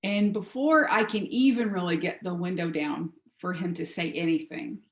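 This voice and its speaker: A woman giving a heartfelt spiritual talk over a video call, telling a story gently before leading a meditation. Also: on the low side, moderate pace, roomy sound. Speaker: guest speaker.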